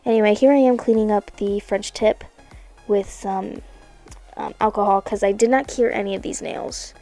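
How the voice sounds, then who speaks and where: A woman's voice: mid-range voice, fairly even intonation, normal speed. A woman narrating a nail art video in a chatty, playful way, correcting herself and tossing in asides. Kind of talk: casual voice-over narration. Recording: soft music underneath.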